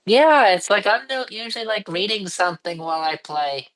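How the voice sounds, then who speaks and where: A woman chatting casually as a co-host, with dry, deadpan humor and stumbling restarts. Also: mid-range voice, moderate pace, low-quality recording. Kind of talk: casual chat.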